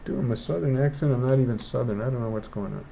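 A man's voice: mid-range voice, quick pace, gravelly, warm tone, slight background noise. A man who is a digital artist, rambling and thinking aloud as he walks through a casual painting tutorial indoors. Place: indoors, rain outside.

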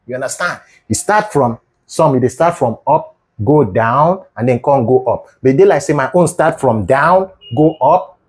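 A man's voice: mid-range voice, expressive, moderate pace, few pauses. A man with a Nigerian Pidgin accent telling a comedic story in a playful, mock-lecturing manner. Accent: Nigerian Pidgin English. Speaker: comedic video creator.

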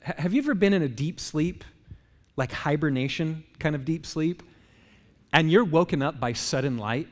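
A man with a high voice preaches in a church sanctuary, his words trailing off into a long hall reverb. He keeps it loose and conversational, joking with the congregation and firing rhetorical questions at them. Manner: casual, joking, asks the crowd rhetorical questions. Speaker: pastor. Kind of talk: conversational sermon.

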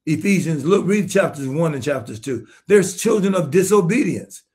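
Bishop in his seventies, higher-pitched male voice, emphatic sermon delivery with rhetorical questions and sudden shouts. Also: lively intonation, moderate pace. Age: 70s. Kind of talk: sermon-style commentary.

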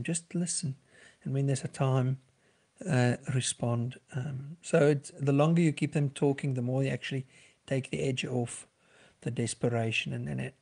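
A middle-aged man, a clinical psychologist speaking on a podcast in an earnest, gentle and reassuring way. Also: mid-range voice, slightly rough. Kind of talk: podcast talk giving advice.

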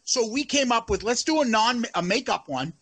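A man's voice: extremely high pitch, animated, moderate pace, a bit bright, slightly rough. A man co-hosting a casual podcast chat, swearing freely and laughing often. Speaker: podcast co-host.

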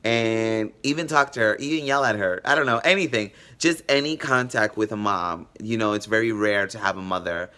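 Guy telling funny stories to camera, bright voice, animated and jokey, pitch jumps around a lot. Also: normal speed, hardly any pauses, clean tone. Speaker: vlogger. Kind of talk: casual storytelling.

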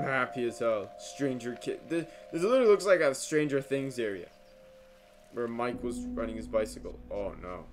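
A man giving casual reaction commentary on horror shorts, jumpy and slangy, yelping and swearing when startled. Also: medium pitch.

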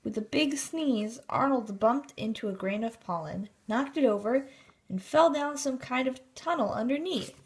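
A woman narrating a children's storybook in a steady, expressive reading. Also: on the high side, moderate pace.

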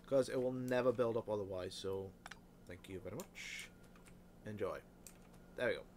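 This man, a let's play host, speaks on the low side at a moderate pace, his tone a little mellow over a faint hiss or hum. Hiccuping, he mutters offhand commentary to himself as he builds a factory in a game, cursing frequently.

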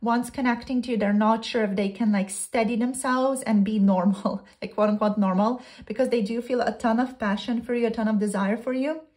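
A woman's voice: fairly high pitch, fairly even intonation, fairly quick, few pauses, a little mellow. A woman giving a pick-a-card tarot reading to her viewers, chatty and flowing, with many "um"s and "you know"s. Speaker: tarot reader.

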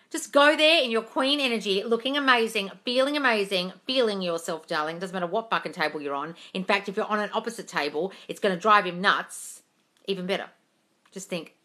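At home with her cat, a woman answers viewers' questions on a laid-back phone livestream, reading their comments out loud. Her mid-range voice is fairly quick, bright and forceful, and she swears freely while calling everybody darling.

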